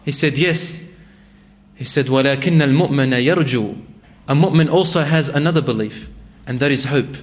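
A man's voice: mid-range voice, quick pace. A man preaching a sermon, telling a story with emotion and acting out the voices in it. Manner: emotive, acts out quoted voices with rising intensity.

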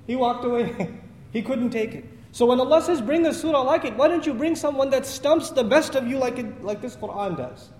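A man preaching a sermon in a mosque, telling a story with lively acted dialogue and chuckling at his own lines. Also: very high voice, fairly quick. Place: mosque prayer hall. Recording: echoey hall with faint noise.

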